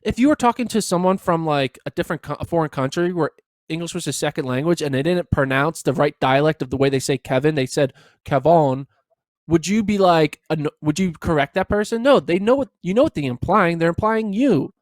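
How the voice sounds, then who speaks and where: Animated Pennsylvania man, higher voice. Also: a little fast, no echo, clean studio sound. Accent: Northeastern Pennsylvania. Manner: animated, defensive, stammering restarts. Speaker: podcast co-host. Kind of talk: casual banter.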